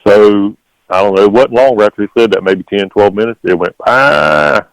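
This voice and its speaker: A man's voice: lowish voice, steady tone, a little fast, darkish tone, no room sound, rough recording. A man, a guest telling his encounter story in a rambling, repetitive way. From North Carolina. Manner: rambling, repeats "literally" and "okay?".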